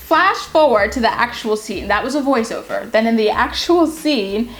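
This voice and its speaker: Chatty young woman, slightly high voice. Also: expressive, moderate pace, soft background music. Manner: candid, gossipy, filler-heavy with lots of "like". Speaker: reality TV recap host. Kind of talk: casual opinionated recap.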